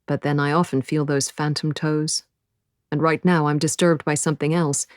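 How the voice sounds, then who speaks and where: Woman, audiobook narrator, low voice, dry close sound, measured and intimate. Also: a little mellow, no echo. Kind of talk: first-person audiobook narration.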